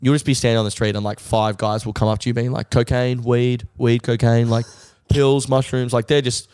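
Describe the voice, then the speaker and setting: An Australian man tells a rambling comedic story with animated, slangy delivery. His voice sits at a middle pitch and is recorded close and dry on a podcast mic. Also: a little fast, no echo. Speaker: podcast guest.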